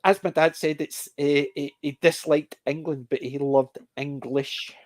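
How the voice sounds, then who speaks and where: Brief: middle-aged Scottish host, slightly high voice, rambling chatty storyteller. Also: male voice, fairly even intonation, measured pace. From Scotland. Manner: rambling storyteller, frequent restarts. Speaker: panel host. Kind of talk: casual panel chat.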